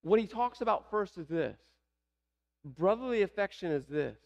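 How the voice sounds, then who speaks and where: A man's voice: high-pitched, animated, moderate pace, vocal fry, a little mellow, lo-fi sound. A man with a Southern American accent preaching a sermon, asking the congregation rhetorical questions. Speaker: pastor.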